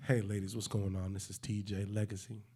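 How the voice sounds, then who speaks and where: A man co-hosting a podcast, recording promo intros, switching between a hyped announcer shout and a smooth seductive voice. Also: fairly low pitch, flat delivery, brisk. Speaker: podcast co-host. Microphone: handheld microphone.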